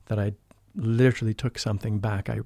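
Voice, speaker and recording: A man's voice: fairly low pitch, steady tone, a little fast, vocal fry, no echo, clean studio sound. Earnest man telling a spiritual story. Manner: earnest, emotional, drops to a hushed voice for quotes. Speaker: podcast guest, spiritual life coach. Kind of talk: storytelling in a casual interview.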